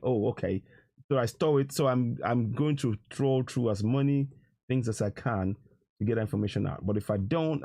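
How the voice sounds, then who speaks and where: A man's voice: medium pitch, a little mellow. A Nigerian man hosting a live stream, talking earnestly and emotionally in a rambling way, with many restarts. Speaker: live stream host taking calls. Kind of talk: casual live-stream talk.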